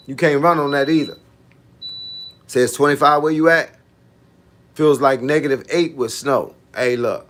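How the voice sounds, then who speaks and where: A man's voice: mid-range voice, a bit bright. A man, a fitness coach chatting casually with viewers on a livestream in laid-back, slangy banter. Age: 50s.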